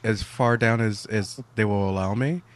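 A man's voice: lowish voice, normal speed, no room sound. A man in a casual podcast chat, telling a story plainly and modestly. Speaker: podcast co-host.

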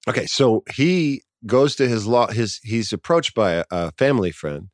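A man's voice: medium pitch, lively intonation, normal speed, dry recording, clean studio sound. A man in his sixties from New York City, a guest in a casual interview, talking in a reflective, thoughtful way. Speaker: actor guest.

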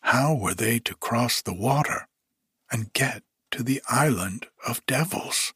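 Male audiobook reader, husky tone, unhurried, dry close sound. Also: mid-range voice, a bit bright, no room sound. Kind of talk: scripted storybook narration.

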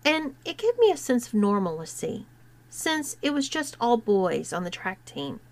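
A woman reading a first-person story aloud in a measured, scripted narration. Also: a little high, very animated.

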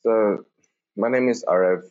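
A very deep-voiced man from Malaysia rambles through a casual, slightly unsure voice message for a podcast he likes. The recording is dull and lo-fi. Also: measured pace, a little mellow. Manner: rambling, unsure, self-deprecating. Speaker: listener sending a voice message.

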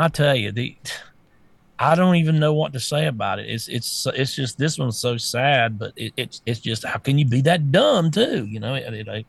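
A man's voice: medium pitch, creaky, dry recording. A man co-hosting a casual talk show, blunt and exasperated, often stammering and restarting. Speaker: co-host.

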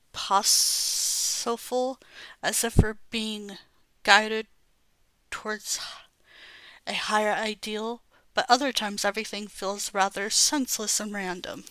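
A woman's voice: medium pitch, pushed and bright, clear, resonant tone, no echo. A woman voicing an earnest young cartoon hero who ponders big questions aloud, in a storybook reading.

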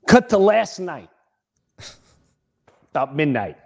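Lively high-voiced middle-aged man telling a story. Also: measured pace. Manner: animated, acts out other people's lines. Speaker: podcast host. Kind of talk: casual comic storytelling.

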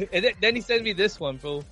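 A man's voice: high-pitched, pushed and bright, slightly rough. A man on a casual podcast, teasing and ribbing his co-hosts. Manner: teasing, ribs the others. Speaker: podcast co-host. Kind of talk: casual chat.

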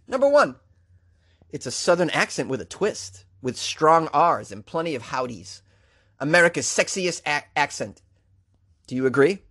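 A man's voice: medium pitch, fairly bright tone. Wry joking man with a Boston accent. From Boston area. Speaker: comedian and news show host. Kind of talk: comic news commentary.

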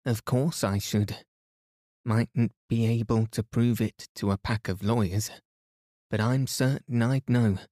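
A man voicing a brisk, blunt middle-aged Englishwoman who talks in clipped phrases. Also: medium pitch, fairly even intonation, mellow, dry recording, studio quality, natural voice.

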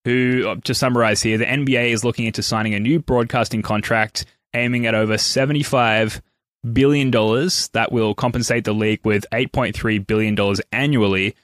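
A man's voice: medium pitch, fairly even intonation, brisk, fairly bright tone, no room sound, clean studio sound. A man hosting a podcast in casual chat, steering the conversation and reading out news posts. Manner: leads the talk, reads out news posts. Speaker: podcast host.

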